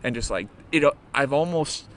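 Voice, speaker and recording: A man's voice: medium pitch, expressive, moderate pace, a little hiss or hum. Rambling, swearing young male podcast host. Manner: rambling, swears freely, many fillers. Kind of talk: casual live interview chat.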